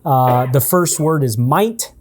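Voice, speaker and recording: A man leading a relaxed, conversational coaching session for a team, often checking in with his listeners. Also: medium pitch, slow. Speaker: sales trainer. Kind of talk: casual in-person coaching session.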